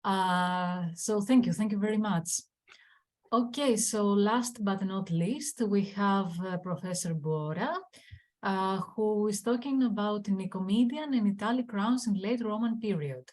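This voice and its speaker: A woman's voice: medium pitch, measured pace, a little mellow. A woman moderating an online academic conference over a video call, thanking speakers and passing the floor, with frequent fillers.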